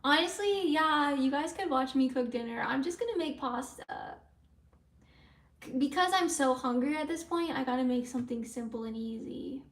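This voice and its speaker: High-voiced woman chatting on a livestream. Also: lively intonation, normal speed, far from the mic. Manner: rambling, answers chat comments aloud. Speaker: live streamer. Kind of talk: casual livestream chat with viewers. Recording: roomy sound from away from the mic.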